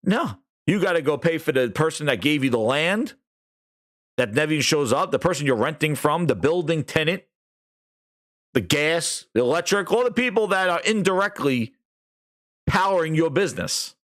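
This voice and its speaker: A man's voice: on the high side, lively intonation, moderate pace, a bit bright. A man hosting a gaming podcast, ranting sarcastically, swearing and acting out mocking quotes. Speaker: podcast host. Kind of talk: ranting commentary.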